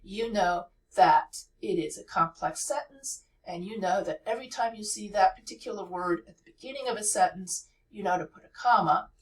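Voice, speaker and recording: A woman teacher walks through a writing lesson at a middle pitch, patient and methodical, restating each rule with small pauses. She sits a little back from the microphone, so her voice sounds slightly distant. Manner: patient, repeats key points, frequent uh fillers. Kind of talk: explanatory lesson.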